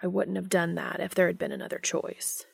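Woman voicing a gentle solemn man, whispery, low and hesitant, story reading. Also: flat delivery, a little fast, vocal fry, slightly rough, in a large hall, full character voice. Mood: soft apologetic. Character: gentle solemn former angel, soft-spoken man.

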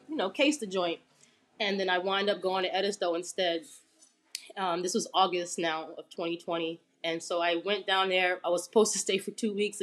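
A woman interview guest telling a personal story in a relaxed, chatty way with many fillers. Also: lowish voice.

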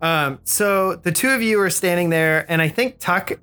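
A man's voice: high voice, normal speed, pushed and bright, clean tone, soft background music. Chatty man running a tabletop game. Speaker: game master.

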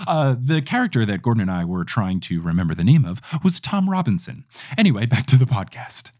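A man's voice: lowish voice, expressive, darkish tone. A man who hosts and edits a podcast, reading an upbeat promo. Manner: quick and upbeat. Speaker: podcast host and editor. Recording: music bed under voice. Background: guitar music.

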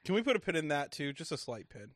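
A man co-hosting a podcast, trading jokes and deadpan asides while recapping a reality show. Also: on the high side, quick pace, dry recording, clean studio sound. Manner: joking, teasing, deadpan asides. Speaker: podcast co-host.

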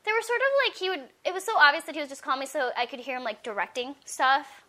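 A woman with a high, bright voice tells stories in a casual interview. She is an actress and a guest, and she acts out the people in her stories with lively quoted voices. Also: fast.

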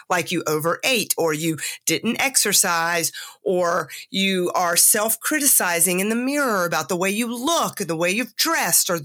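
Bright-voiced woman podcaster, candid and sick. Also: medium pitch. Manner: candid, confessional, self-mocking asides. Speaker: podcast host. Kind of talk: personal reflective monologue.

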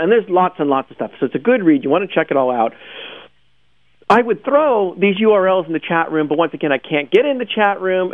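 A man's voice: fairly high pitch, no echo. A man hosting a daily search news show in casual chat, talkative and laughing often, calling in by phone. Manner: chatty, laughs often, animated asides. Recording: tinny phone line.

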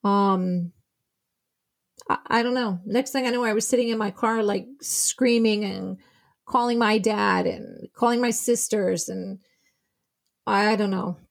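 A woman recounts receiving devastating news, voicing each person in the story as she goes. Her voice sits at a middle pitch for a woman and moves between hushed and urgent. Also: fairly even intonation, a little slow, gravelly. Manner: tells events by acting out quoted dialogue. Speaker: interviewee, mother of a murder victim. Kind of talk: emotional personal account.

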